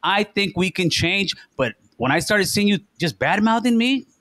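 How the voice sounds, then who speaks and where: A man's voice: high voice, animated, normal speed, sharp tone, no echo. A man hosting a talk show, accusing and profane, repeating himself in a heated argument. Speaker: podcast host. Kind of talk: heated confrontation.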